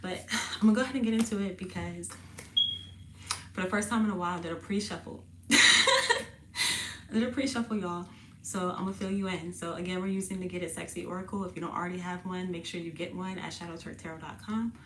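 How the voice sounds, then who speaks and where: A woman hosts a casual tarot reading, talking in loose, slangy chat and laughing often. Her voice sits a little low and sounds a bit parched and husky. A faint hiss of background noise runs under her. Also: steady tone, fast talker. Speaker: tarot reader and channel host. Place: indoors, sitting on the floor.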